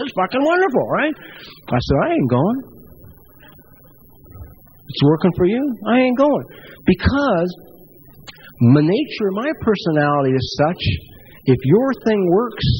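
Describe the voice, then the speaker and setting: A middle-aged man giving a blunt, profane personal recovery talk, telling stories with wide swings in pitch. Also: slight background noise, poor audio. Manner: pitch swings widely for emphasis. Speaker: recovery speaker.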